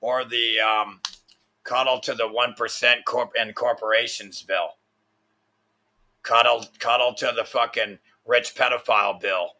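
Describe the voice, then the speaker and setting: A man's voice: mid-range voice, fairly even intonation, measured pace, bright, forceful tone. A man hosting a livestream, ranting with constant swearing and frustrated rambling. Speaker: livestream host.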